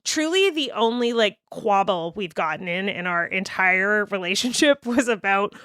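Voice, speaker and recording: A woman guest on a podcast, telling a personal story in casual, animated chat, swearing freely. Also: medium pitch, normal speed, clear, resonant tone, no echo, clean studio sound.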